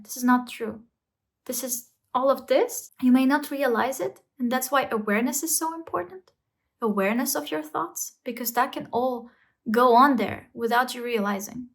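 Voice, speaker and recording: A woman's voice: high voice, moderate pace, fairly bright tone. A woman talking to camera in a casual, earnest self-help vlog, coaching the listener and asking rhetorical questions. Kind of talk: casual motivational talk to camera.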